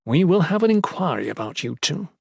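A man's voice: on the high side, big pitch swings, a little fast, vocal fry, breathy edge, no echo, clean studio sound, voice pushed up, full character voice. A man voicing a hot-headed male priest who argues in a strained, raised voice. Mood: accusing.

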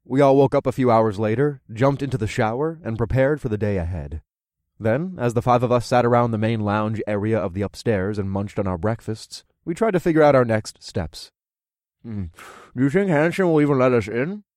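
A man reading a first-person audiobook in a steady, easygoing storytelling manner. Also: on the low side, brisk, no echo, clean studio sound. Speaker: audiobook narrator.

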